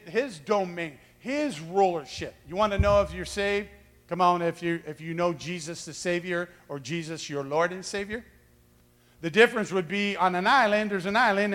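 A man preaching with a high, bright and forceful voice. He acts out quoted voices and raises his voice to a shout for emphasis. His sermon rings out with a long reverb in a big hall. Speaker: pastor.

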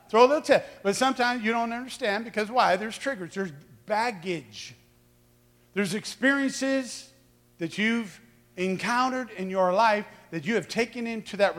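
A man preaching a lively sermon, acting out quoted voices and shouting for emphasis. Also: sits high, long reverb tail. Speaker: pastor.

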